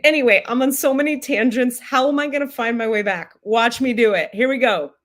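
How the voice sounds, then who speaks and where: A woman leads a comic spiritual livestream and tells a rambling personal story. Her voice sits in a middle range. She swears freely, keeps up the energy, and drifts into tangents before pulling herself back. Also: medium pitch. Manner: profane, tangent-prone, animated storyteller. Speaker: spiritual teacher hosting a livestream.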